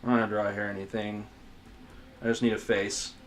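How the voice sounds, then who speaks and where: A man's voice: on the low side, little pitch movement, a little fast, a little hiss or hum. Rambling man talking through a sketch. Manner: rambling, self-mocking, mutters asides, casual swearing. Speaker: art tutor. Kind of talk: casual drawing tutorial, talking while sketching.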